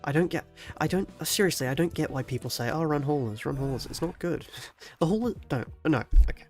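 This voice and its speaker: A man with a head cold and a stuffy nose, talking quietly and casually through his gameplay as a streamer. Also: lively intonation, a little fast, soft background music. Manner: soft, low-volume talk with sighs and small laughs. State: head cold, congested, speaking softly. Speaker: game streamer.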